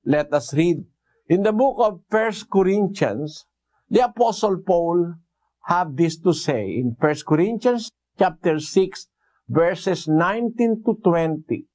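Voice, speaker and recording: A man preaching a Bible exposition, speaking deliberately with fillers and rhetorical questions to the congregation. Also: high-pitched, expressive, warm tone.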